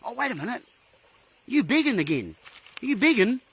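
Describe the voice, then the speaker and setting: A man's voice: very high voice, big pitch swings, brisk, a bit bright, breathy edge, rough recording. A man hosting a live stream, talking in a rambling monologue full of playful puns, rhetorical questions and sudden exclamations.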